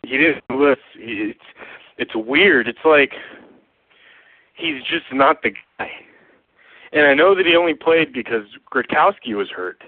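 A man leaving a furious, profane voicemail, slow and emphatic in his anger. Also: medium pitch, lively intonation, dry recording. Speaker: caller. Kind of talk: voicemail rant. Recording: tinny phone line, dry.

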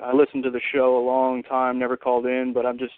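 A man's voice: mid-range voice, monotone, quick pace. A man from Texas calling in to a fan show, venting frustration with sighs and griping. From Texas, USA. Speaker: caller. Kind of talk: voicemail rant. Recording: tinny phone line.

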